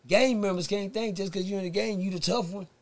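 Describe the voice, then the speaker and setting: A high-pitched, fairly quick-talking man from Texas tells a story as a podcast guest. He's casual, swears freely, stays animated, and does the voices of the story's characters.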